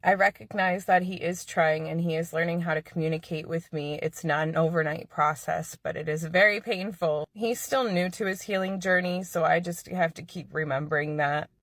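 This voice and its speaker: A woman's voice: fairly low pitch, fairly even intonation, normal speed, few pauses, dry recording, studio quality. A woman earnestly recounting a personal story to the camera.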